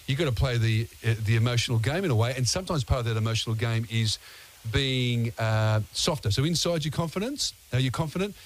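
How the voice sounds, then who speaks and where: A man hosting a late-night radio talk show. He rambles through his questions, stopping and restarting with plenty of fillers, at a middling pitch. There's a faint hiss under his voice. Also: animated, a little fast. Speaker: radio host. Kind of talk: radio interview.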